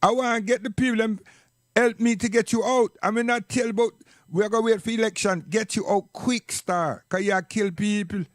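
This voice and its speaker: This man's voice sits high, with a steady tone and moderate pace, and he speaks with a Jamaican accent. His monologue is impassioned and preachy, full of repeated questions and the refrain "you understand?", captured in clean studio sound without echo.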